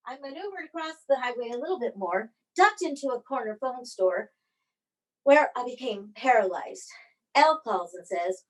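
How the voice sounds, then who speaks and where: Give me a woman storyteller with a dramatic, lively delivery and a high voice. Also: moderate pace. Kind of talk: personal storytelling performance.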